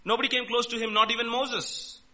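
A man preaching a sermon, emphatic and full of rhetorical questions, swinging between loud and quiet. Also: very high-pitched, little pitch movement, a little fast. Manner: emphatic, rhetorical questions, rises and drops in volume.

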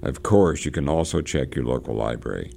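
Very deep, gravelly male radio host. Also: expressive, dark tone, slight background noise. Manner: halting, with many fillers and restarts. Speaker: radio literature program host. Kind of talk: reading and discussing a novel on air.

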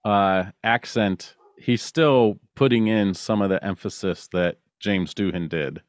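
A man's voice: fairly low pitch, measured pace, no echo. A man co-hosting a podcast in casual chat, rambling and searching for words. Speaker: podcast co-host. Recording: dull, dry podcast mic.

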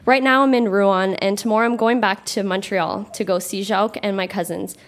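A woman's voice: medium pitch, fairly even intonation, a little fast. A woman reads her old diary aloud on a theatre stage, wry and breaking into laughter between entries. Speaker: reader on stage. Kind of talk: reading childhood diary aloud to a live audience.

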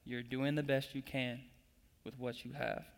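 A man's voice: mid-range voice, flat delivery, measured pace, creaky. A young man preaching a sermon, building up with emphatic repetition and calling the congregation to repeat after him. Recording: long echo of a large hall.

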